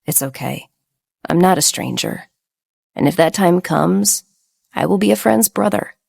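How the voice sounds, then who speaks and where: A woman voicing a gravely ill young man who speaks gently and solemnly. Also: low voice, very animated, normal speed, exaggerated voice. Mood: gentle.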